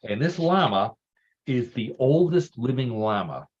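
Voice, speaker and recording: A man's voice: medium pitch, animated, a little slow, darkish tone, slightly rough, lo-fi sound. A man hosting a casual radio talk show, telling stories with groan-worthy puns.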